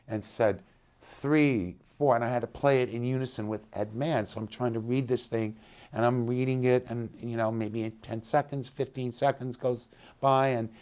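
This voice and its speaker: A man telling a long story in an interview, animated, often acting out the people he quotes. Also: mid-range voice. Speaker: interviewed musician.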